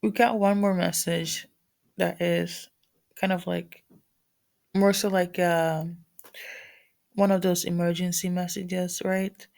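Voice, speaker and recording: A woman's voice: fairly low pitch, level tone, slow pace, vocal fry, pauses often, a little mellow. A woman with a morning voice giving a casual spiritual reading to viewers, rambling with many fillers and restarts. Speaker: spiritual reader.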